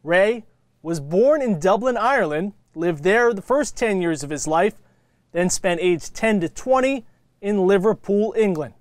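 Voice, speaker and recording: High-voiced male sports presenter. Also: animated, measured pace, dry recording. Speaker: sports broadcaster and interviewer. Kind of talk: scripted broadcast narration.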